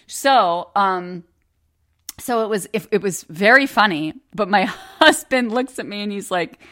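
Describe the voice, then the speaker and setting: A woman's voice: mid-range voice, lively intonation, unhurried, a bit bright. A woman in her forties hosting a podcast, telling a personal family story in a candid, casual way, swearing freely and laughing often. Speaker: podcast host.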